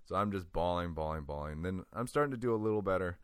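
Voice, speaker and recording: A man telling a personal story in casual conversation, animated and laughing often, with lots of "like". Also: sits low, fast talker, clear, resonant tone, no echo, clean studio sound. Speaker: guest.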